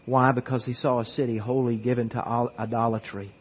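Husky-voiced male pastor preaching earnestly. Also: mid-range voice, level tone, a little fast. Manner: earnest preaching with repeated words. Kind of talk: sermon. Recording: echoey church hall, dull lo-fi sound.

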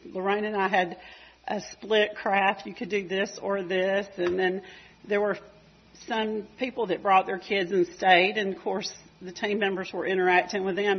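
Georgia lady telling her mission trip testimony at church, breathy voice, kinda dull lo-fi sound, all over the place. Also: medium pitch. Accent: Southern US (Georgia). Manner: rambling, emotional, chatty with fillers. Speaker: mission trip team member giving testimony. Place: church service.

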